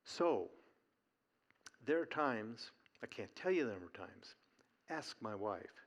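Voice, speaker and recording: A man's voice: lowish voice, very animated, slow pace. A male pastor preaching an earnest, folksy sermon during a church service.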